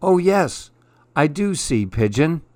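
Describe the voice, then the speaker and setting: A man voicing a dreamy, curious little male mouse who speaks in a soft, wondering, eager way, raised above his own voice. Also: a little high, sing-song, slow, no echo, voice pushed up.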